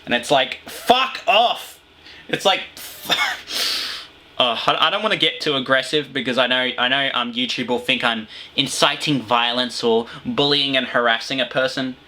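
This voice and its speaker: A man's voice: medium pitch, brisk, hardly any pauses, bright, forceful tone. An Australian man from Victoria hosting a comedic review and ranting in a crude, profane, sarcastic way, laughing at his own jokes. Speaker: video reviewer.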